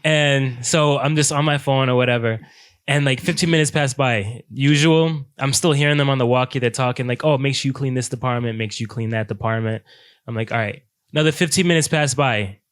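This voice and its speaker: A young man on a podcast, telling a workplace story to his friends in a casual, animated way, with "dude" in nearly every line. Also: mid-range voice, a little fast, smooth. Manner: animated, says "dude" constantly, quotes himself and others. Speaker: podcast co-host.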